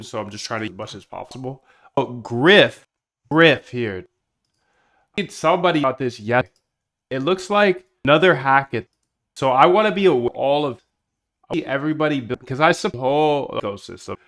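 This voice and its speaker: A man live streaming while he builds software, chatting in a rambling, slangy way and reacting to his chat. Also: medium pitch, normal speed.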